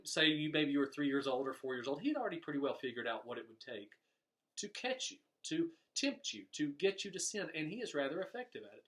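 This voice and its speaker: Animated storytelling preacher, a man. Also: on the high side. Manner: storytelling preacher, animated, voices quoted characters. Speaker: pastor. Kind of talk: sermon.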